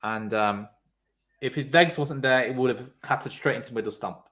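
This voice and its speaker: Talking at an ordinary pace in a medium pitch, the streamer calls the cricket casually. Big moments get loud reactions from him, and he keeps up a conversation with his chat.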